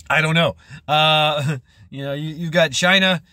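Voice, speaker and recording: A man's voice: on the high side, bright, forceful tone, dry recording, clean studio sound. A man vlogging in a casual, rambling monologue, chuckling often and restarting his sentences with many fillers.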